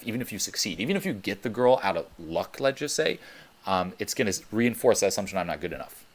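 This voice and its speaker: A young man coaching on a teleconference, talking bluntly with plenty of swearing and emphatic repetition. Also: low-pitched. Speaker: dating coach.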